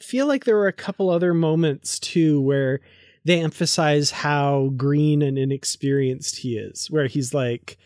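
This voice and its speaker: A man co-hosting a casual book-club podcast, chatting and acting out characters' lines in quick asides. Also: on the high side, darkish tone, no echo, studio quality. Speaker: podcast co-host.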